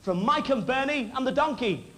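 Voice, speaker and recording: Comic guy hosting a variety show, kinda high voice, cheeky gags, hissy old tv sound. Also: lively intonation. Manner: cheeky, quick joke-telling. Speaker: variety show host and comedian. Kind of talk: stand-up patter before a live audience. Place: theatre stage with live audience. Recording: noisy 1960s television broadcast.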